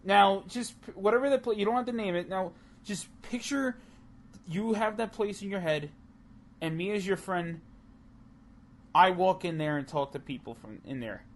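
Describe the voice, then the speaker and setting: A man co-hosting a casual chat show, ranting heatedly with plenty of swearing and restarts. His voice sits a little high. Faint noise hangs behind him. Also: moderate pace. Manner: heated, profane, rambling with restarts. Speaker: podcast co-host.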